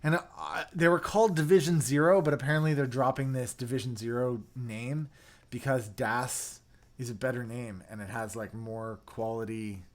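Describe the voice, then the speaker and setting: A young man hosting a casual livestream, chatty and excitable, reading viewer comments and dropping into mumbled asides. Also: medium pitch, normal speed. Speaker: livestream host reviewing keyboards.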